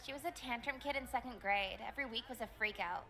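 A woman's voice: a little high, quick pace, music in the background, natural voice. A woman voicing a sarcastic, gossipy teenage girl who talks crudely. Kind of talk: voicing a game character aloud.

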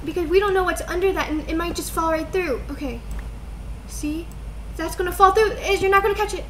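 A woman's voice: very high-pitched, a bit bright, slight background noise. A young woman in her twenties co-hosting a gameplay video, giving her partner orders and laughing often. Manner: bossy, directing her partner, quick to laugh. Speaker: gaming co-host. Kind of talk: casual gameplay chat.

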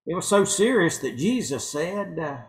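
A man's voice: fairly high pitch, very animated, normal speed, rough recording. A male pastor giving an evening sermon in a church, folksy and fond of telling jokes. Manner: folksy joke-telling preacher. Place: church sanctuary.

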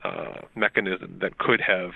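A deep-voiced man speaks over a tinny phone line as a talk-radio guest. He explains points carefully, hedging with ums and little restarts as he builds his argument, and the sound is dry and close with no room around it. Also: steady tone, gravelly, husky, no echo. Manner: measured, filler-heavy explaining with many ums and restarts. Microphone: phone call.

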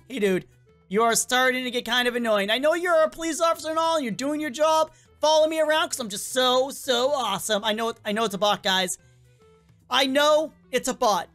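A woman giving chatty, excitable game commentary and talking to the characters, her voice worn and cracking with a cough. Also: a little high, brisk, soft background music. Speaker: gameplay commentator.

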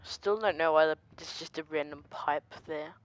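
A game player giving quiet let's-play commentary, talking softly and easily startled. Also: medium pitch, moderate pace.

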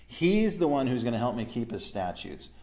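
A man's voice: medium pitch, very animated, moderate pace, dark tone. A man leading a church Bible study. He reads verses aloud, explains them and asks his listeners questions.

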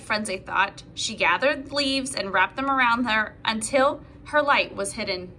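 A woman's voice: high voice, a little hiss or hum. A woman teacher reading a picture book aloud to preschoolers, with little asides to the children. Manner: animated, slow storytelling with asides to children.

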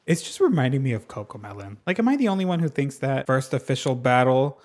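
A man talking over his gameplay in a let's play, sassy and excitable, with swearing dropped in all the time. His voice sits at a middle pitch for a man. It is recorded close on a desk microphone. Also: fast. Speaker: gaming channel host.

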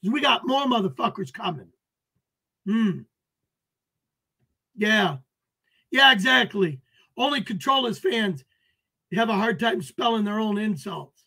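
A man hosts a livestream, hurling profane taunts at his chat and calling out viewers by name. His voice sits very high and sounds bright and sharp. He drags his words out slowly. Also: animated, breathy edge. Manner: greets and answers viewers by name. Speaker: livestream host. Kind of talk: ranting livestream talk to chat.

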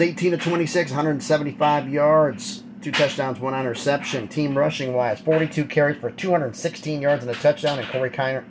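A man's voice: fairly high pitch, background noise. A man giving a casual, blunt college football recap, rattling off stats and opinions.

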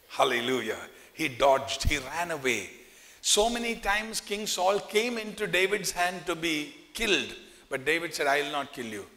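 A man's voice: on the high side, sharp tone. A man preaching a sermon, telling a story with animation and putting questions to the congregation. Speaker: pastor. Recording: reverberant church hall.

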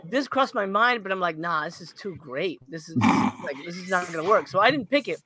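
A man co-hosting a podcast, telling a story in a casual chat, getting excited, laughing and swearing. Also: high-pitched, a little fast, heavy background noise. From Los Angeles area. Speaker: podcast co-host.

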